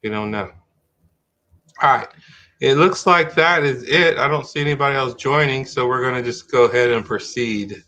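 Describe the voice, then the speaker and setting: A man's voice: mid-range voice, normal speed, pushed and bright. A middle-aged man hosting a live-streamed talk show in casual chat, rambling and restarting his sentences as he thinks aloud.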